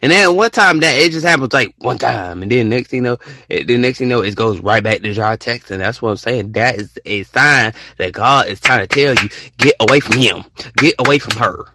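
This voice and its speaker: A man's voice: medium pitch, expressive, brisk, bright, forceful tone. A young man hosting a casual solo podcast, rambling and repeating himself as he acts out text conversations. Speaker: podcast host.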